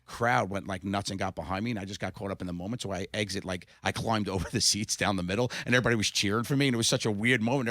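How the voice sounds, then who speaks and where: A middle-aged man with a low voice rattles through stories at a fast clip, animated and laughing often. He sounds close to a studio mic in a dry room. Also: no echo. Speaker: comedian guest. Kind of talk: casual interview storytelling.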